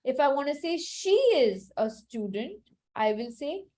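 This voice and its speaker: A woman's voice: high voice, big pitch swings, measured pace, dark tone. A woman teaching a French lesson to children, patiently repeating each phrase with its translation and checking understanding.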